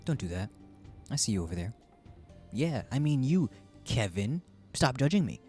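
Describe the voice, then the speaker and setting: A man's voice: mid-range voice, big pitch swings, moderate pace, darkish tone, soft background music. A man casually chatting through a game he is streaming, rambling and joking about himself. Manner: chatty, rambling, self-deprecating. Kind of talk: casual gameplay commentary.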